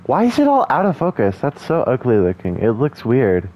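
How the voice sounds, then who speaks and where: Man, let's play host, casual gameplay commentary, chatty, self-mocking, swears, mid pitch. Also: wildly swooping pitch, normal speed, highs cut off.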